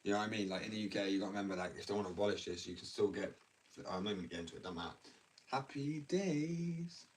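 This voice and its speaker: A young English man with a deep, level, very fast voice rants bluntly and ramblingly on a casual livestream, full of slang. The mic is distant, with faint background noise.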